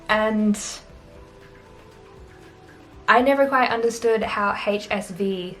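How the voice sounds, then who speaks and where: A woman's voice: medium pitch, a little slow, fairly bright tone, faint music behind. A young Australian woman vlogging in a casual, chatty, self-deprecating way, laughing often. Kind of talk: casual chat to camera.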